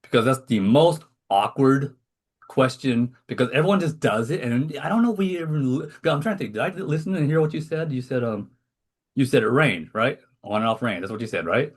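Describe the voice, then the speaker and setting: A man's voice: medium pitch, expressive, a little fast. A man hosting a casual podcast over a video call, rambling and self-deprecating as he talks. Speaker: podcast host. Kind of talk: casual chat.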